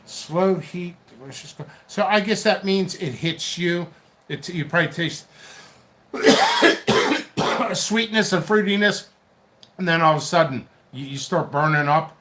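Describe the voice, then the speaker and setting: Casting: talkative male vlogger, slightly high voice, rambling to himself, faint room hum. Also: a bit bright. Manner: rambling, chatty, talks to himself while working. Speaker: pepper seed seller and channel host. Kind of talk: casual solo vlog.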